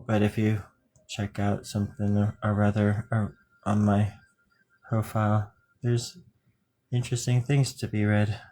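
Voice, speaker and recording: A man's voice: fairly low pitch, completely flat delivery, a little slow, warm tone. Playful rambling man streaming live. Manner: rambling, playful, jokey, laughs often. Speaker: live-streaming drawing host. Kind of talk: casual live-stream chat while drawing.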